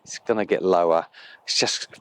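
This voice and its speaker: A man's voice: low-pitched, moderate pace, clear, resonant tone. A man filming an outdoor photography vlog beside a loch, talking enthusiastically and at times dropping to a whisper. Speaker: landscape photographer.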